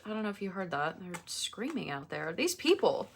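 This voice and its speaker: Bright, animated young woman chatting. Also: medium pitch, unhurried, pauses often. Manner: chatty, ranting, exasperated asides. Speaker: planner vlogger. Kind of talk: casual chat while crafting. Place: apartment.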